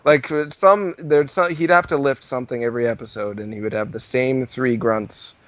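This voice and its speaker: A man's voice: medium pitch, normal speed, fairly bright tone. A man co-hosting a podcast, chatting in a dry, jokey way. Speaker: podcast co-host. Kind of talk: casual chat.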